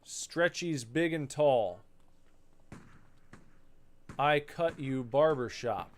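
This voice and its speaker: Speaking very slowly in an expressive, medium-pitched voice, a gaming channel host chats his way through a video game. His casual let's-play commentary wanders off into rants that are wry and mock-serious.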